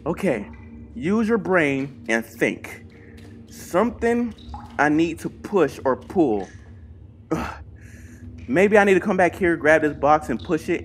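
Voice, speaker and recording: A young adult streamer narrating a horror game out loud. The voice swings widely in pitch, from quiet muttered reasoning to frantic, cursing shouts, with a faint hiss under it. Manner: talks to self, mutters then yells in panic, swears. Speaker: gaming channel host. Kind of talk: horror gameplay commentary.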